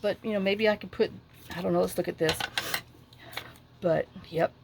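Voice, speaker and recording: A middle-aged woman, chatting casually as she crafts at her desk at home and rambling through a lively story with lots of asides. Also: lowish voice, normal speed, vocal fry, slight background noise. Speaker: crafting vlogger.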